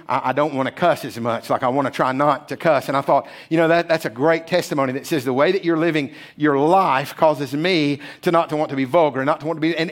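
A man preaching a sermon in a church, emphatic, often checking in with the congregation with "right?". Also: on the high side. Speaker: pastor.

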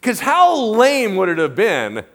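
In an unhurried, high-pitched voice, a pastor tells his sermon like a casual, energetic story. He acts out people from the Bible in modern everyday speech and often asks his listeners to agree.

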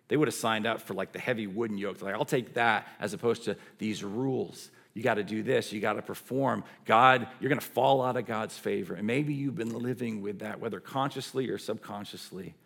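A middle-aged man preaching a sermon, swinging from emphatic lines to hushed, drawn-out phrases. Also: fairly low pitch, vocal fry. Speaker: pastor.

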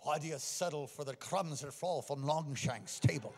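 A man's voice: on the high side, moderate pace, darkish tone, a little hiss or hum, pitched below the performer's own voice, natural voice. A man acting out a fierce male rebel warlord who roars battle cries to rally his clans. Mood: rousing. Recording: long echo in a big hall.

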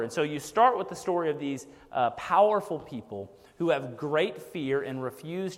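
A man's voice: on the high side, expressive, a little slow, hardly any pauses. A man preaching a casual, conversational sermon, peppering his points with "like" and "right?". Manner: casual, frequent "like" and "right?" asides. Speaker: pastor. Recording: long hall reverb.

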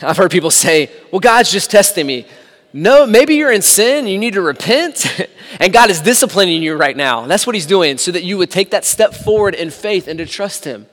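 A man preaching a sermon, animated, acting out the people in the story with sarcastic asides. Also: sits high, normal speed. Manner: animated, acts out quoted dialogue, sarcastic asides. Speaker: pastor. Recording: long hall reverb.

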